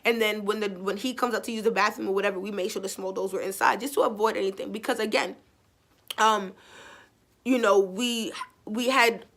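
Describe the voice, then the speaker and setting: A woman telling a story in a casual vlog, chatty and digressive, blunt and expressive with casual swearing. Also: mid-range voice, fairly quick. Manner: chatty and digressive, with frequent fillers. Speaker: vlogger.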